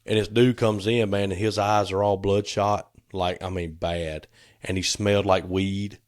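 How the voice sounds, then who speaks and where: A man's voice: sits low, flat delivery, measured pace. Laid-back man telling stories. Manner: laughs through his stories, acts out quotes. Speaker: podcast co-host. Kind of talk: casual storytelling chat.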